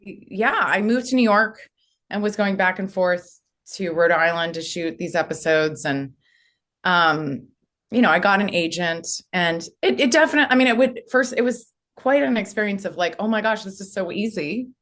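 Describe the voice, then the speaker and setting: Woman from the US, somewhat low voice, casual interview storytelling, rambling, many fillers. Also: moderate pace, a bit bright. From United States. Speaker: actress, podcast guest.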